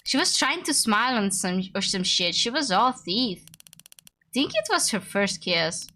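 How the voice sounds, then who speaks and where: A woman's voice: mid-range voice, very animated, measured pace, pushed and bright. A woman voicing a drunk, short-tempered female homicide detective who talks bluntly and swears. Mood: bitter.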